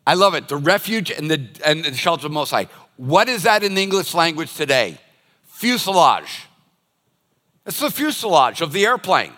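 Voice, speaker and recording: A man's voice: a little high, very animated, normal speed, bright, forceful tone. An older man preaching a sermon as a pastor, telling stories and acting out everyday scenes. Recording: long reverb of a large hall.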